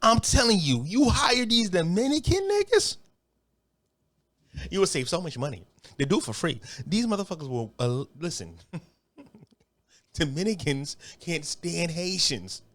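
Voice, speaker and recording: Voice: mid-range voice, sing-song, measured pace, long pauses, fairly bright tone. A commentator delivering a heated, profane comedic rant full of stammered repetitions.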